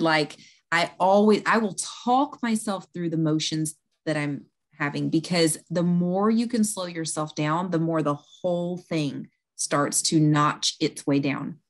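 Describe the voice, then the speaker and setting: Earnest woman coaching on calm talk. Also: on the low side. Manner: earnest, acts out quoted lines and whispers. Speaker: conversation coach guest. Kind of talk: podcast interview, explaining.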